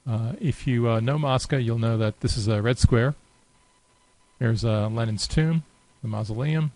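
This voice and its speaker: A presenter gives a casual, unhurried screen-share demo of some software, talking off the cuff with lots of fillers between clicks. His pitch is ordinary and middling, his tone conversational. The recording is dry and rough.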